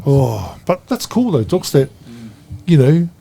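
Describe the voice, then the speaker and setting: Kiwi podcast host, jokey and chummy, a touch high, gravelly edge. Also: male voice, very animated, slow, warm tone. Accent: New Zealand. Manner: jokey, laughing, calls guests bro. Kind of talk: casual chat.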